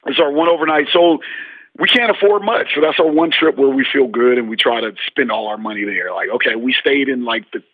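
A basketball coach in an interview, telling stories and acting out what people said. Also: male voice, mid-range voice, brisk, no echo. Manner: animated storyteller, acts out dialogue. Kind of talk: interview storytelling. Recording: husky, tinny phone-like line.

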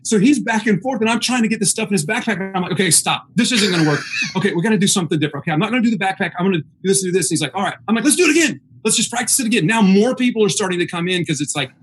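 A man with a high speaking voice tells a comic story with lots of energy. He acts out the voices of others and laughs along the way, and a faint hum sits behind him. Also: racing. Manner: laughs while telling. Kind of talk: casual storytelling chat.

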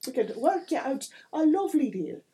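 A folksy, pushy small-town mayor, as a woman puts him on in a deliberately bad accent, mellow and chatty. He talks at a leisurely pace and keeps trying to sell things. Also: high-pitched, sing-song, voice pushed up.

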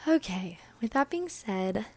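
Breathy young woman podcaster, slightly gravelly. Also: mid-range voice, very animated, unhurried. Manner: chatty, earnest, many fillers and whispery trailing words. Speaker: podcast host. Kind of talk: casual solo podcast talk.

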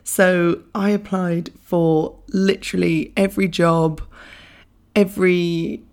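A young woman hosting a podcast, talking casually with a hoarse, croaky voice from losing it, chatty and self-mocking, laughing often. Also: fairly low pitch, little pitch movement, slow, a little mellow. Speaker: podcast host. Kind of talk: casual solo podcast chat.

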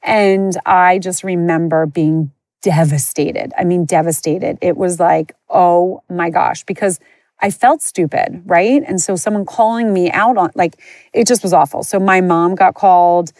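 A woman's voice: fairly low pitch, unhurried, a little mellow, no echo. A woman podcast host telling a personal story in a candid, rambling way, with lots of fillers and restarts. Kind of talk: personal storytelling, casual chat.

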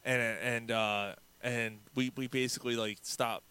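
A man's voice: medium pitch, steady tone, unhurried, pushed and bright, smooth. A man co-hosting a casual sports podcast, telling stories with lots of swearing and acted-out quotes. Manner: storytelling, profane, acts out quotes. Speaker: podcast co-host.

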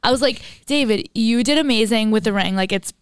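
A young woman in casual chat, telling a story with lots of "like" and lively retellings. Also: a little high, a little fast, clean tone, no echo, studio quality. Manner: storytelling, animated retellings full of "like".

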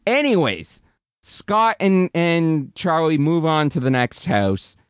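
Clear-voiced man casually recapping a movie. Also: fairly high pitch, slow pace, no echo, clean studio sound. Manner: chatty, animated retelling with restarts.

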